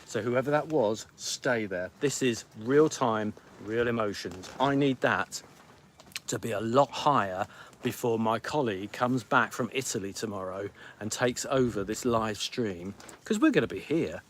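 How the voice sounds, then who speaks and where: A man's voice: lowish voice, lively intonation, a little hiss or hum. A middle-aged man hosting a live podcast stream from home, grumpy and theatrical, rattling on like an auctioneer. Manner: grumpy, theatrical, pleading with viewers; rapid-fire like an auctioneer. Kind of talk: casual live-stream chat.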